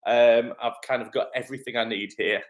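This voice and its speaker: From his home kitchen, an acting coach who heads an agency hosts a live-stream Q&A, upbeat and chatty with many ums. His medium-pitched voice is fairly even in intonation and a touch fast.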